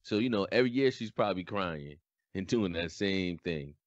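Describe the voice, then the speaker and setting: Deep-voiced deadpan male podcast co-host. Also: moderate pace, dry recording, highs cut off. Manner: deadpan, flat delivery. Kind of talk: casual chat.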